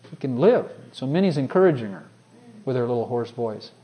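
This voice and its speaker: A man preaching a sermon, swinging from hushed, personal asides to loud, ringing scripture quotes. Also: mid-range voice, animated, fairly quick, a crowd in the background.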